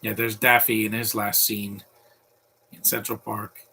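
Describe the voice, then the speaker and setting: Man doing loose live commentary over a cartoon: gravelly tone, offhand jokes, rambling asides. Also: lowish voice, level tone, a little slow, bright, forceful tone. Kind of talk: live watch-along commentary.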